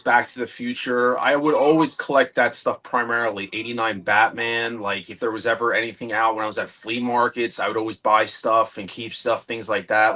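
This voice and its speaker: A man in his thirties chats as a guest on a casual interview. He tells stories with lots of energy and jumps into the voices of people he quotes. His pitch sits right in the middle for a man. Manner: animated storytelling, acts out quoted dialogue. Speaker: guest collector.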